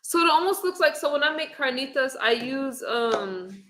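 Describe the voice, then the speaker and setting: Middle-aged lady doing a laid back livestream chat, bright voice, reads out comments and recipes as she goes. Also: high-pitched, normal speed, a little hiss or hum. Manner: chatty and relaxed, reading viewer comments and recipes aloud. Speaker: livestream host. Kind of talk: casual live-stream chat. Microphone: webcam or phone on camera.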